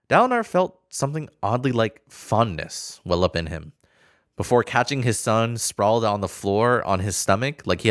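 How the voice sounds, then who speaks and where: Young man, podcast co-host, reads fanfiction aloud with expression, animated intonation, dry recording. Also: on the low side, dry recording. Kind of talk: reading fanfiction aloud and casual chat.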